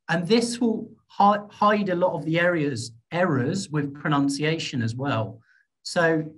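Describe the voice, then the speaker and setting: Encouraging British man teaching a lesson. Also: a little high. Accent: British English. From Britain. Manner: lively, encouraging, checks in with "okay?" and "all right?". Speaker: IELTS speaking teacher. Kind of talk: online workshop lecture.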